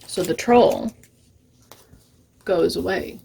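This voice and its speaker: A children's librarian tells a story at storytime, gentle and expressive. She takes her time with every line, speaking slowly and clearly to young listeners. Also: fairly low pitch, a little hiss or hum.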